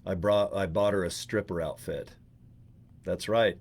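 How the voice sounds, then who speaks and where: A man's voice: low voice, steady tone, a little slow, vocal fry, a little mellow. A man hosting a live stream in casual chat, joking and rambling with crude humor, recorded in his studio.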